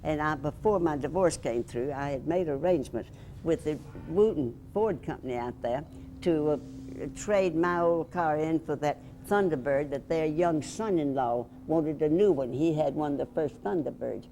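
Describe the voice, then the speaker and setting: An older woman reminisces in a low, deep voice, spinning a lively anecdote and acting out the people in it. She talks in a chatty interview manner with a faint hiss of noise behind her. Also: normal speed. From Alabama, USA. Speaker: interviewee, former radio host and reporter. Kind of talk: storytelling reminiscence.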